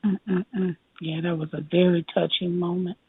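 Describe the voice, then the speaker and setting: An older woman telling her story as an interview guest, animated and laughing often as she acts out what people said. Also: on the low side, moderate pace, slightly rough, no echo. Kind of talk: lively storytelling. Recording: tinny phone line.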